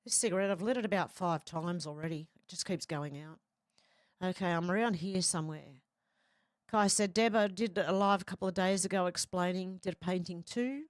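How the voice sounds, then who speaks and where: A middle-aged woman with a fairly low voice hosts a casual livestream, reading viewer comments aloud in a chatty way at a normal speed. The recording is clean studio sound with no room sound.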